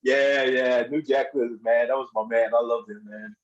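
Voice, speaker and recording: A man telling wrestling stories as a podcast guest, in a casual, animated way, acting out other people's lines in a raised voice and laughing often. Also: medium pitch, normal speed, highs cut off. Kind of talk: casual storytelling.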